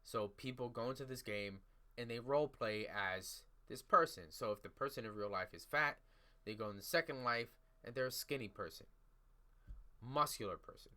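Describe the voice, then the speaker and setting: A man's voice: medium pitch, normal speed, bright, forceful tone. A man hosting a podcast in a casual solo commentary, talking in a crude, rambling, blunt way. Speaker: podcast host.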